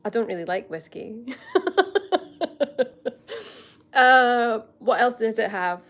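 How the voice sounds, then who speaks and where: Speaking slowly in a fairly high, fairly bright voice, this livestream host from Scotland keeps things casual with her audience. She laughs often and bubbles along, greeting viewers by name as she chats.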